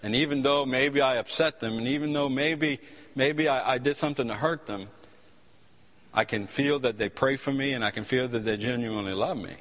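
Guy preaching, mid-pitched voice, lots of restarts, big echo from the church hall. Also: normal speed, a bit bright. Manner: impassioned storytelling preacher with repeated restarts. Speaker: pastor. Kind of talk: sermon. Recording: long hall reverb.

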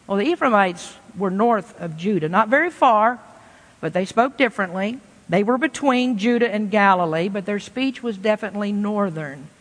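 A man's voice: high-pitched, lively intonation, moderate pace, a bit bright. A man from Kentucky, preaching a sermon in a folksy, conversational way with homespun asides. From Kentucky, USA. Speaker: pastor. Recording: reverberant church hall.

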